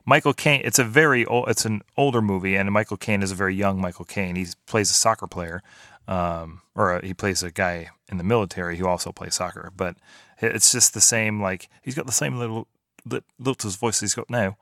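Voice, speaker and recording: A fairly low-voiced man on a movie podcast chats eagerly and trails off as he hunts for a title. The sound is dry and close, with no room around him. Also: a little fast, a bit bright, dry recording. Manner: enthusiastic, rambling, searches for words. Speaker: podcast co-host. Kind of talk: casual movie-review chat.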